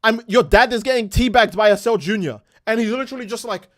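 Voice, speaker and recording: A man's voice: high-pitched, quick pace, dry recording, clean studio sound. A man streaming a game, ranting and swearing in casual commentary while answering chat. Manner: profane, ranting, animated.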